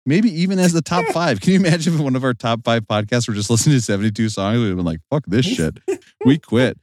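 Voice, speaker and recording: A man's voice: mid-range voice, racing, no room sound, clean studio sound. A man hosting a casual comedic podcast, jokey and sarcastic, a bit out of breath while recording from a hot car. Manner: animated, jokey, sarcastic asides. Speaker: podcast host.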